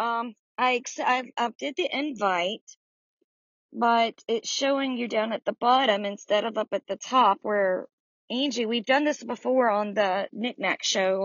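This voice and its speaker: A woman's voice: a little high, a bit bright, no room sound. A woman hosts a Bible study in a friendly, chatty tone and greets listeners by name. The sound is dry and close, with slightly muffled lo-fi audio. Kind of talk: casual chat. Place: outdoors in the sun.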